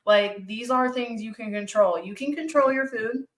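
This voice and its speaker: A woman's voice: fairly high pitch, normal speed, hardly any pauses, sharp tone. A woman hosting a podcast who also coaches clients, talking frankly and emphatically with lots of "like". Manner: emphatic, frank, uses many "like"s. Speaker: podcast host; fitness coach. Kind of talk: casual podcast conversation.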